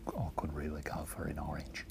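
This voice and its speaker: A man voicing a hushed Australian man in a whispered role-play, very quiet, low and breathy, with an Australian accent. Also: steady tone, a little fast, slight background noise. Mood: dreamy.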